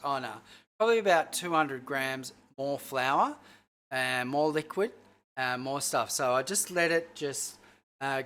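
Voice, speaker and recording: Chef host, casual livestream cooking chat, rambling, a bit sweary, middle-pitched voice. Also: a bit bright. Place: home kitchen.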